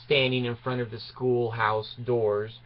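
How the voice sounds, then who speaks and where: A man's voice: medium pitch, level tone, unhurried, a little hiss or hum. A man in his sixties from Utah, telling a rambling personal story, digressing and chuckling as he trails off. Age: 60s. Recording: dull lo-fi recording.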